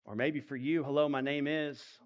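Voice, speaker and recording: Soft-spoken, then stirring male preacher. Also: fairly high pitch, fairly even intonation, moderate pace, muffled recording. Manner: intimate preaching that swings from hushed to emphatic. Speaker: pastor. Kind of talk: sermon.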